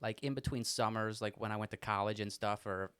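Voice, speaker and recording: A young man co-hosting a podcast, telling stories in a rambling, animated way. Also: fairly low pitch, brisk, clear, resonant tone, dry recording, studio quality. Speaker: podcast co-host. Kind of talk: casual storytelling chat.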